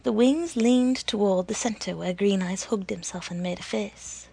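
A woman narrating a story in a measured, deliberate reading with a husky voice. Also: medium pitch, warm tone, no room sound.

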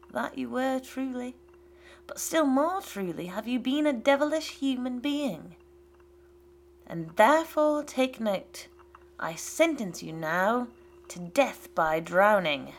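A woman voicing a bitter, domineering old father who mocks and rants in loud outbursts. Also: on the high side, lively intonation, slow. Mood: condemning. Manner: mocking and ranting, loud outbursts.

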